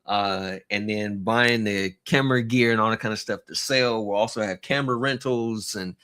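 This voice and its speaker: A man's voice: on the low side, pushed and bright, clean tone. Rambling man hosting a casual livestream. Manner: rambling, halting, greets chat viewers by name with chuckles. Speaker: livestream host.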